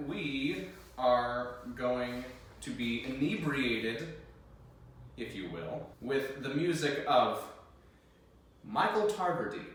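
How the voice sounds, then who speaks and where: A man's voice: medium pitch, fairly bright tone, slight background noise. A young American man hosting a video, chatting casually and self-deprecatingly as he sight-reads organ music. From United States. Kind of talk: casual talk while sight-reading. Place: room with an organ. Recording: very echoey room, mic at a distance.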